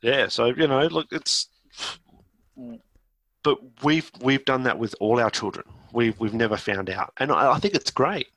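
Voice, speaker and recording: A man's voice: medium pitch, lively intonation, unhurried, fairly bright tone, no room sound. A middle-aged Australian man co-hosting a podcast in chatty, self-deprecating casual talk. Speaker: podcast co-host. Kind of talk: casual chat.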